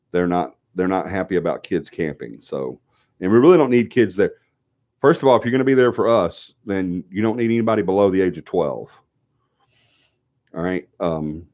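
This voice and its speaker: A man's voice: low voice, a little mellow. A man with a Southern US accent, sniffly with a cold, hosting a live show and giving rambling, chatty announcements while holding firm on the rules. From Alabama, US South. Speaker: host of a paranormal team's live show. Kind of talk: casual live-stream announcements.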